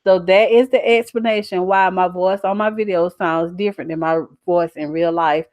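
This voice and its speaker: A woman's voice: fairly low pitch, fairly even intonation, moderate pace, darkish tone. A woman hosting a live stream in casual chat, talking straight to her viewers. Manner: chatty, addresses viewers directly as y'all.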